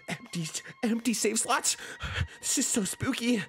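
A young man comments on a horror game at his desk, jokey and excitable. His pitch leaps from low mutters up to loud yelps. A light hiss sits under the recording. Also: slow pace. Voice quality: excitable, jokey, swings between mumbling and shouting. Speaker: streamer. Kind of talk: energetic gaming commentary.

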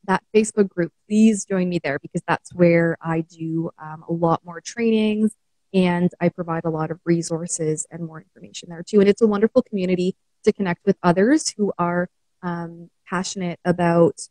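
A Canadian woman coach chatting on a live show, laughing easily and often. Her voice is mellow and relaxed, and the sound is close and dry with no room echo. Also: fairly low pitch. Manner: warm, laughs often, many fillers. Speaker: mental wellness coach. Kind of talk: casual live-stream chat.

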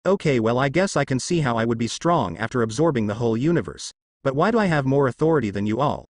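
A man voicing a newly risen young god who speaks smoothly but firmly. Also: medium pitch, animated, fast talker, dry recording, clean studio sound, natural voice.

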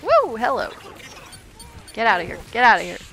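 A woman streaming a co-op game with friends, giggling often and letting out excited yelps. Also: on the high side, moderate pace, faint music behind. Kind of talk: casual gaming chat with friends.

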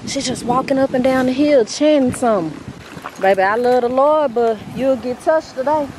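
A young woman vlogging casually, talking to viewers in an animated, slangy, joking way, first from a car and then outdoors on a hill. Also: high-pitched, moderate pace, background noise.

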